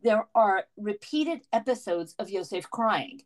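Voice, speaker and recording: A woman's voice: mid-range voice, lively intonation, unhurried. A woman co-hosting a casual discussion, openly moved and eager in her responses. She talks in an emotional, enthusiastic way. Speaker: podcast co-host. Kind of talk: conversational discussion.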